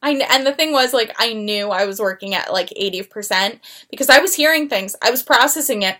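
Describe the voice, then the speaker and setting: A young woman co-hosting a casual podcast, her voice sitting a bit high. She chats loosely and tells stories, slipping into other people's voices when she quotes them. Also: fairly quick, sharp tone. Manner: chatty storyteller, acts out coworkers' lines. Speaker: podcast co-host. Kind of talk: casual chat.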